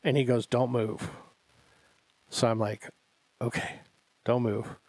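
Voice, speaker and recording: A man co-hosting a podcast, telling a long anecdote in a casual, animated way and acting out what everyone said. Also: mid-range voice, moderate pace, dry recording. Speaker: podcast co-host. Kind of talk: casual storytelling chat.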